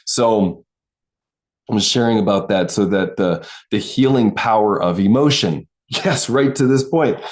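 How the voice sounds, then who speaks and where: A man talks through a live-streamed coaching session over a computer mic. His delivery is loose and chatty, full of asides and restarted sentences. His voice sits at an ordinary middle pitch for a man. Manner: loose, conversational, self-interrupting, chatty asides. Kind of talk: casual live-streamed talk.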